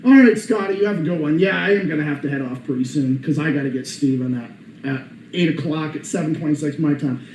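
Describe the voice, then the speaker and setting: A man's voice: fairly high pitch, fast, darkish tone, a little hiss or hum. A man hosting a livestream from his apartment, ranting heatedly and swearing freely. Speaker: channel host. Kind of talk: livestream rant. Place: apartment room. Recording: echoey room.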